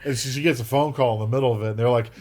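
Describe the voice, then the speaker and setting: A man's voice: medium pitch, fairly even intonation, very fast, crowd noise. A man co-hosting a podcast in casual chat, rambling and acting out scenes he describes. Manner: rambling, acts out quoted scenes. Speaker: podcast co-host.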